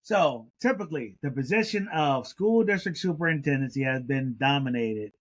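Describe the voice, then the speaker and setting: A man's voice: mid-range voice, animated, normal speed. A man hosting a podcast and asking questions in a conversational way. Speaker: podcast host. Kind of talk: podcast interview.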